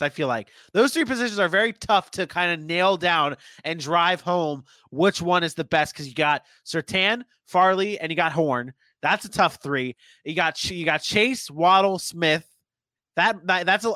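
Bright-voiced man chatting about sports. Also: sits high, no echo. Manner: chatty, thinks aloud with restarts and hedges. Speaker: sports podcast co-host. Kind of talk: casual sports podcast chat.

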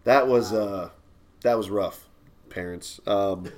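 Speaking slowly in a lowish, darkish voice, a man co-hosting a podcast rambles through a long story from his childhood. The chat is loose and casual, and he swears as he goes.

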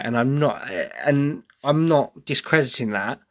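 A man's voice: medium pitch, lively intonation, measured pace, hardly any pauses, fairly bright tone. An English man hosting a podcast, talking through his opinions in a casual, hesitant way with many restarts. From England. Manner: chatty, hesitant, breaks into sung impressions. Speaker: podcast host reviewing a musical. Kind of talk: casual solo commentary.

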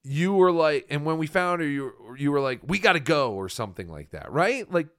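A man with a fairly high voice talks on a live stream in an emphatic, sarcastic way. His pitch swings widely as he talks. The sound is dry and close. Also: sing-song, a little fast, fairly bright tone, no room sound. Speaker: podcast co-host. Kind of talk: casual live-stream banter.

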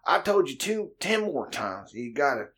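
Man putting on a loud, high, drawling Cajun shop boss, rambling threats. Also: big pitch swings, moderate pace, husky, full character voice. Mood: bossy. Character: fast-talking Cajun male welding supervisor, bossy.

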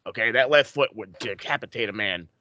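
A man asking wrestling trivia in a casual podcast chat, excitable and profane with rambling asides. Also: medium pitch, fairly quick, dry recording, muffled recording. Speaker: trivia quizmaster.

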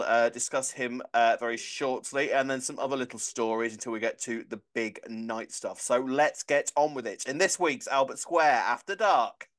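A man's voice: medium pitch, fairly bright tone. Playful podcast host, a man. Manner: playful, teasing banter. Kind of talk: casual chat.

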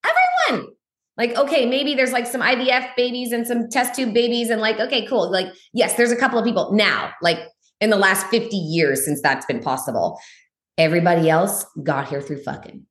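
A woman's voice: fairly quick, fairly bright tone, reverberant. A woman guest on a podcast, talking bluntly and emphatically, swearing freely and saying "like" a lot. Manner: frank and blunt, swears freely, uses lots of "like"; emphatic, voice jumps high for stress. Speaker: guest, spiritual teacher. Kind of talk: candid podcast conversation.

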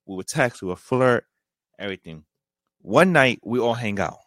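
A man's voice: medium pitch, animated, moderate pace, fairly bright tone, no echo. A young man, a podcast co-host, casually telling a long slangy story and acting out both sides of a conversation.

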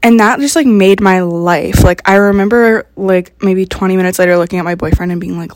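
A woman in her early twenties hosting a podcast. She tells a story in a chatty, excitable way and fills her talk with lots of "like". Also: fairly low pitch, moderate pace, hardly any pauses, dry recording, clean studio sound. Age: early 20s. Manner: chatty, filler-heavy, excitable. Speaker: podcast host. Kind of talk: casual storytelling recap.

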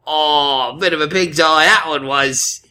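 A man putting on a hearty, exaggerated British soldier voice, shouting jolly exclamations. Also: a little high, unhurried, pitched above the performer's own voice. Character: blustering British soldier, male adult.

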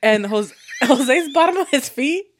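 A woman's voice: sits high, animated, a little slow, a bit bright, slight background noise. A woman co-hosting a podcast with her partner, telling stories animatedly and laughing through her lines. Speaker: podcast co-host. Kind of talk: casual couple chat.

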